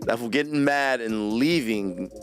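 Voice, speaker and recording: A man hosting a late-night livestream, telling a story in an animated, slangy way and laughing often. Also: mid-range voice, a little slow, soft background music. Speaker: livestream host. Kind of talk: casual storytelling rant.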